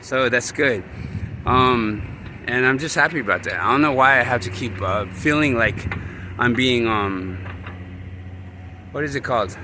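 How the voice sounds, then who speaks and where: A man's voice: mid-range voice, unhurried, long pauses. A man vlogging outdoors at a city bus stop, talking candidly in a rambling way with many fillers and restarts. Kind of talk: rambling personal vlog. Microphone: handheld camera. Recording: outdoor street noise and traffic.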